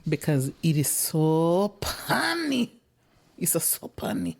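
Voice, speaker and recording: A woman's voice: sits low, very animated, slow, gravelly. A woman co-hosting a podcast in casual chat, laughing often and restarting her sentences. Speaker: podcast co-host.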